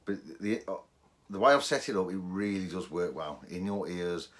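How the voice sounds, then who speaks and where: A man's voice: low voice, moderate pace. A man casually explaining how to set up a metal detector, chatty and down to earth. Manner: chatty, restarts and fillers, mimics detector tones.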